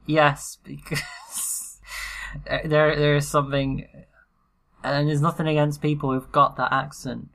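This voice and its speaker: A woman's voice: deep voice, flat delivery, takes it slowly, vocal fry, fairly bright tone. A woman co-hosting a casual podcast, giving blunt opinions, giggling often and swearing offhandedly. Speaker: podcast co-host.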